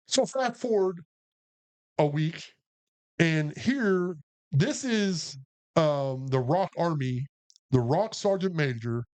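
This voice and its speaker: A man and army veteran co-hosting a podcast, telling a profane war story with acted-out quotes. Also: on the high side. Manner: profane, animated, acts out quotes. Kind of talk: casual storytelling.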